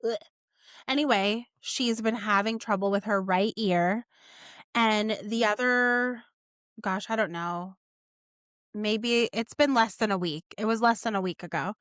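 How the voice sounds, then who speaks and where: A woman in her thirties co-hosting a casual faith podcast, telling a family story with animated asides. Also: medium pitch, unhurried, no echo, clean studio sound. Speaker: podcast co-host.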